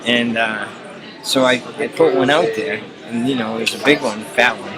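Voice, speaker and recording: A man's voice: mid-range voice, normal speed, a loud crowd, rough recording. A man casually telling rambling personal stories, full of "you know" fillers. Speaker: storyteller. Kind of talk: casual anecdotes.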